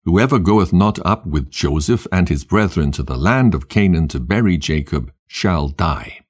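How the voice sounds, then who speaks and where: A man's voice: sits low, animated, moderate pace, breathy edge. A man reading the lines of a stern ancient king who gives commands. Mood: commanding.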